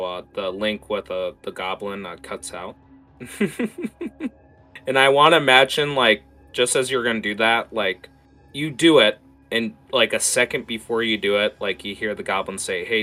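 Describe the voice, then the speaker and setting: A man running a tabletop game as game master. His voice is bright and forceful, and he talks in an animated way full of filler words. Faint music plays in the background. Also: on the low side, moderate pace.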